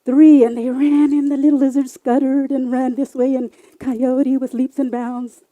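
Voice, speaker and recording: A woman telling traditional and family stories live on stage, lively and expressive. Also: high-pitched, moderate pace, no room sound, dull audio. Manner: lively, expressive, varies loud and soft. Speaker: storyteller. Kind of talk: live oral storytelling.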